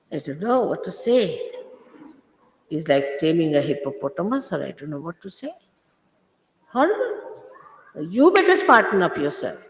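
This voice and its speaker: A woman's voice: fairly low pitch, slight background noise. Older woman lecturing her followers, stern and repeating herself, big hall with long echo, old tape sound. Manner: scolding, emphatic, repeats phrases for stress. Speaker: spiritual teacher. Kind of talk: informal spiritual talk to followers. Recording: echoey hall, 1980s archive tape.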